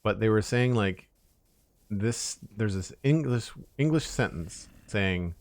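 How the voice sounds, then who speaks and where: A man's voice: on the low side, lively intonation, slow pace, no echo. A man streaming a building game and chatting casually with viewers, rambling, with many fillers and restarts. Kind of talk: casual live-stream chat while playing.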